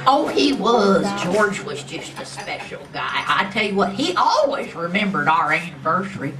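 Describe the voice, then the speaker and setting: A woman's voice: big pitch swings, moderate pace, bright, forceful tone, faint music behind. A woman playing a chatty elderly widowed country woman in a live stage comedy act, talking in a folksy, gossipy drawl. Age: older. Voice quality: gossipy, folksy drawl with shrill rising squeals. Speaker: comedy sketch performer. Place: outdoor community festival stage. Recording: distant echoey live recording with background noise.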